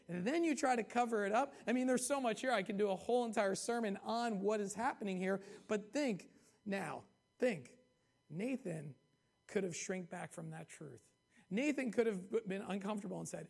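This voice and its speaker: A man's voice: high voice, moderate pace, creaky. A man preaching a sermon in a conversational way, reading scripture aloud and checking in with "okay?" and "right?". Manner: reads scripture aloud with rising emphasis.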